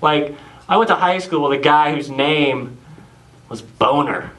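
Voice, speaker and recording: A man's voice: on the high side, normal speed, fairly bright tone, rough recording. A young man from Tennessee doing a laid-back, sarcastic stand-up set on a club stage. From Tennessee, USA. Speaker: stand-up comedian.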